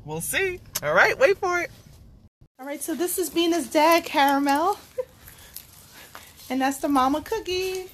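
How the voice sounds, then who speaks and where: Young woman vlogger, high voice, bubbly and chatty. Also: lively intonation, measured pace, long pauses, slight background noise. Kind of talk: casual vlog narration.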